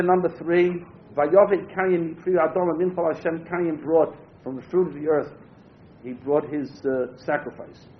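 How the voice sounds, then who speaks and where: A man with a somewhat high voice teaches a Torah class, reading verses and then explaining them in English with plenty of "uh" fillers. The sound is roomy and muffled, with a faint low rumble underneath. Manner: reads Hebrew verses then translates, frequent "uh" fillers. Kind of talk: text-based Torah class.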